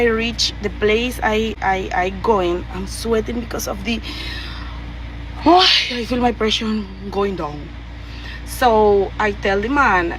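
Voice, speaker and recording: A woman's voice: medium pitch, a bit bright, slight background noise, poor audio. A woman with a Venezuelan Spanish accent tells a heated, profane story with many fillers and restarts. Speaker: guest telling a story.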